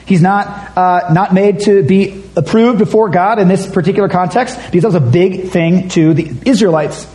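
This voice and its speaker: A man's voice: high-pitched, mellow, poor audio. A man preaching a conversational, emphatic sermon as a pastor, reading scripture aloud and acting out quotes.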